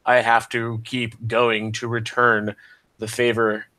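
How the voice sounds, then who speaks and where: Bright-voiced, flat-toned joking man. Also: mid-range voice, slow. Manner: joking, chatty. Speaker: participant. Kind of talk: casual chat. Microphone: video call.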